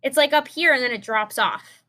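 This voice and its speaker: Young adult woman teacher, chatty classroom explainer, fairly high voice, talks her way through with fillers and restarts. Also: moderate pace, sharp tone. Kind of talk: recorded science lesson.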